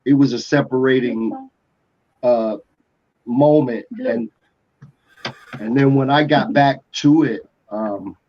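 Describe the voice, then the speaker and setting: A music producer from Atlanta telling a rambling story in a casual interview, full of restarts and fillers. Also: male voice, medium pitch, slow, long pauses, a little hiss or hum. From Atlanta, USA. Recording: dull lo-fi podcast audio.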